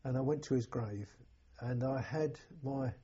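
An elderly man recalling his war years, halting and repeating words as emotion rises. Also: medium pitch, warm tone, husky. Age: older. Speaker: war veteran interviewee. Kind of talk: personal recollection. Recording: dull lo-fi recording.

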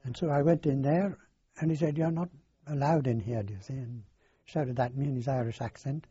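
An older man, recounting his past in a halting, rambling way in an oral history interview. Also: medium pitch, mellow, slightly rough, dry recording. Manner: halting, rambling storyteller with many fillers. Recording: dull lo-fi dry recording.

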